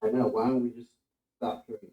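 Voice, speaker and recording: A man's voice: medium pitch, little pitch movement, a little fast, soft background music. A man from Texas co-hosting, chatting casually with a laid-back, teasing manner. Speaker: co-host. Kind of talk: casual chat. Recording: distant, roomy, muffled.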